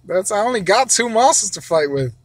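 A father giving gameplay commentary, excitable, wailing and shouting whenever a battle goes badly. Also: sits high, fairly quick. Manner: excitable, wails and shouts over losses. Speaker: father, mobile gamer.

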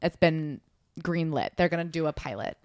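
A woman's voice: deep voice, normal speed, darkish tone, no room sound, clean studio sound. A young woman co-hosting a comedy podcast, chatting animatedly about a memoir and joking as she swears freely. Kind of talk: casual comedic book-club chat.

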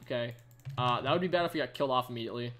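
A man's voice: medium pitch, racing. Chatty young man streaming games. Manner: chatty, excitable, greets viewers, many fillers. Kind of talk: live gameplay commentary. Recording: faint keyboard typing behind.

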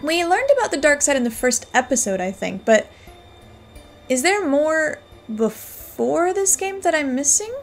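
A high-pitched woman gives casual let's play commentary with dry, wry asides. Soft game music runs faintly beneath her. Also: very animated, a little slow. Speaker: gameplay streamer.

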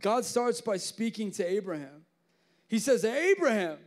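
A man's voice: high-pitched, unhurried. A young man preaching a youth sermon, telling jokes and stories with lots of casual fillers. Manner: joking, animated storytelling with many fillers. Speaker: youth pastor.

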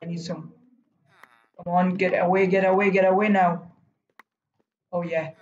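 A man's voice: high-pitched, a little slow, dull audio. Guy streaming a game, hyped commentary, lots of whoa whoa, echoey room, bit of hiss. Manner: excitable, bursts into loud "whoa" and "no" cries; talks to himself and urges teammates on. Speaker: gaming streamer. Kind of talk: live gameplay commentary.

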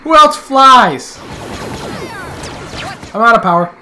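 Man, casual gameplay commentary, jokey trash talk, high voice, bright tone. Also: expressive, slow pace, slight background noise. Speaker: video game player.

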